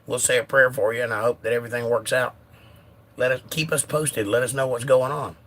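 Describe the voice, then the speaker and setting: Slightly hoarse laid-back male streamer. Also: medium pitch, fairly even intonation, fairly quick, fairly bright tone. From United States. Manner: laid-back, reads viewer comments aloud. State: a little hoarse. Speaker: livestream host reading chat. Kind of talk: casual live-stream chat.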